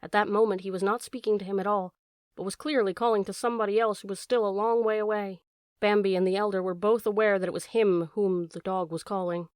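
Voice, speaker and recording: A woman narrating a classic animal story in a measured, expressive reading voice. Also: medium pitch, dry recording, clean studio sound. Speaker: audiobook narrator.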